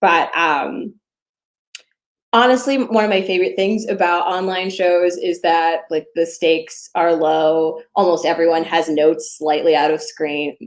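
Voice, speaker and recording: A woman's voice: on the low side, steady tone, unhurried. A woman in her twenties doing a stand-up set from home over a video call, telling a story with many fillers and playful asides. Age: 20s. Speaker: stand-up comedian.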